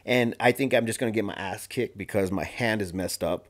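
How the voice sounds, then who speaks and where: A man guest on a podcast telling a story in a casual, animated way, full of slang, fillers and restarts. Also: lowish voice, a little fast. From Arizona.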